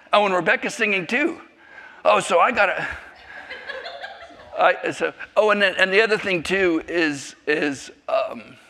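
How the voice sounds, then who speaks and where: A man's voice: fairly high pitch, sharp tone. A man in his fifties from South Africa, giving a rambling, self-deprecating testimony to a church group. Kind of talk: personal testimony to a congregation.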